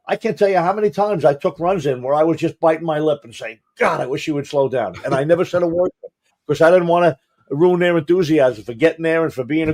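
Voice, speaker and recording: A man's voice: fairly high pitch, darkish tone. A man co-hosting a fire service podcast, recounting his experiences with frequent restarts and stumbles. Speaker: podcast co-host, former fire chief. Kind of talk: conversational podcast talk.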